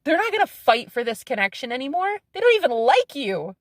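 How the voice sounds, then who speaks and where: A woman's voice: high voice, big pitch swings, fairly quick, no echo, studio quality. A woman in her thirties talking to camera in a casual vlog, blunt and defiant, swearing freely, repeating phrases for emphasis and laughing between lines. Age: 30s. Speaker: psychic medium.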